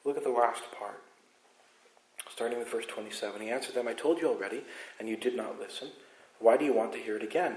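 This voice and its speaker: A man preaching a sermon as pastor, emphatic, moving between loud insistence and quiet asides. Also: on the low side, roomy sound, poor audio. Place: church sanctuary.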